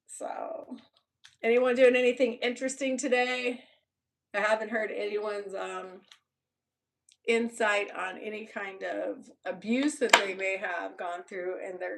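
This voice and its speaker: A woman's voice: medium pitch, a bit bright. A young Texan woman chatting casually with viewers on a live stream, blunt and loose, swearing and laughing often. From Texas. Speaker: YouTuber.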